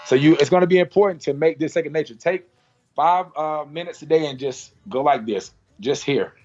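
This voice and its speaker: A man's voice: on the high side, fairly quick, a little mellow, dull audio. A man teaching a hands-on haircutting class, talking through each move with repeated cues and playful sound effects. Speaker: barber educator. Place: salon.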